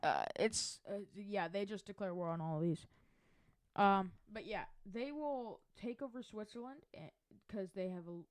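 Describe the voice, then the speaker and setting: A woman's voice: medium pitch, moderate pace. A woman casually narrating a mapping video from her chair at home, rambling and correcting herself as she goes. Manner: rambling, self-correcting, chatty. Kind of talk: casual narration over a map.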